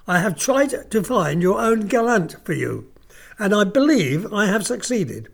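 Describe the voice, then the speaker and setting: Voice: medium pitch, heavily acted. A performer playing a stern old nobleman, an uncle who speaks with icy, mocking politeness in a dramatic audiobook reading. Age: older.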